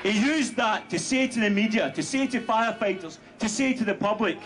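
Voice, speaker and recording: A man giving a rally speech as a union speaker, shouting slogans with rhetorical fire. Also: high-pitched, brisk. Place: outdoor street rally. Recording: noisy outdoor rally audio.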